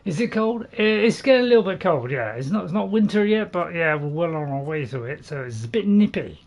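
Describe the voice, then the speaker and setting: A man's voice: a little high, sing-song, a little fast, a little mellow. A British man with a chatty, rambling manner, giving casual let's-play commentary and playfully talking to his viewers. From Britain. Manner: chatty and rambling, talks to viewers while chewing, playfully self-mocking. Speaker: gameplay channel host.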